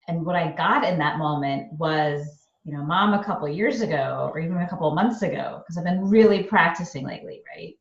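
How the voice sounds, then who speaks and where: A woman podcast host talks through her own stories with lots of energy, voicing the people in them as she goes. Her voice sits a little low. The recording is distant and echoey, with a muffled, lo-fi tone. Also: a little fast. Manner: animated storyteller, acts out quoted dialogue. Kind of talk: casual interview chat. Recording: roomy, distant, dull-sounding mic.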